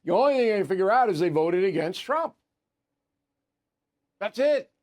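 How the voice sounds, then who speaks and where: A man's voice: high-pitched, expressive, normal speed. An older man giving a blunt, opinionated political commentary, firing off rhetorical questions. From United States.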